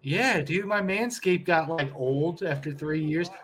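A man's voice: a little high, a little slow, a bit bright. A young man co-hosting a casual podcast, laid-back and crude, swearing and saying "dude" a lot. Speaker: podcast co-host. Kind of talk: casual crude podcast chat while watching a film.

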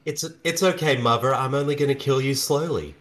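A man's voice: medium pitch, brisk, a bit bright, close to an everyday voice. Man doing a creepy evil little girl, mock-sinister, barely disguised. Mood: mock menace.

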